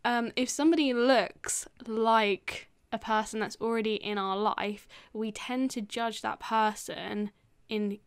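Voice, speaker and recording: A woman's voice: on the high side, steady tone, a little slow, smooth. Giggly chatty woman podcast co-host. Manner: chatty, giggly, rambling with fillers. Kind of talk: casual chat.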